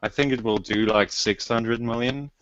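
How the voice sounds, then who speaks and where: A man on a gaming podcast who speaks in a measured, slightly hesitant way, with many fillers. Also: medium pitch, fairly bright tone, no room sound. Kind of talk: opinionated podcast discussion. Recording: dull lo-fi podcast audio.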